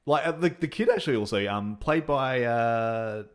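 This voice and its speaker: Co-hosting a casual podcast about films, this man speaks in an expressive mid-range voice with a clean tone. His talk is halting and meandering, punctuated by frequent laughter.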